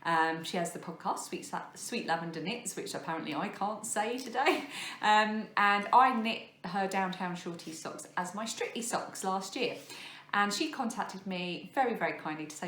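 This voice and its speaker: A woman's voice: medium pitch, normal speed, a bit bright, slight background noise. A woman in her thirties hosting a craft podcast, chatting casually and rambling with lots of fillers and self-deprecating asides. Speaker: podcast host. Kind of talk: casual chat showing crafts to camera. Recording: echoey room.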